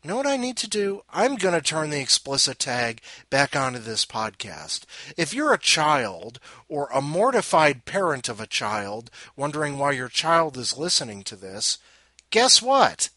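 A man hosting a podcast, tired and sarcastic, swinging from loud outbursts to muttering. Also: on the high side, sing-song, normal speed, hardly any pauses, no echo. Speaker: podcast host. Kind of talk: casual rant.

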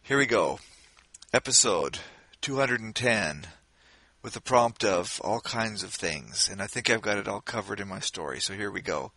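A man's voice: fairly low pitch, animated, moderate pace, sharp tone, no echo. A man reading his short story aloud, recorded on a cheap laptop headset mic. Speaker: story contributor.

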